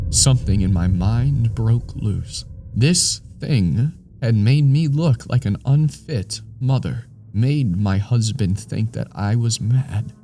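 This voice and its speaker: A man reading a scripted first-person horror story in a deliberate, ominous way. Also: fairly low pitch, mellow, slight background noise.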